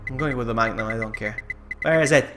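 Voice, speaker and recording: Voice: medium pitch, quick pace, over loud music. A game streamer giving casual, jokey live commentary while playing. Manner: chatty, jokey, cries out in alarm.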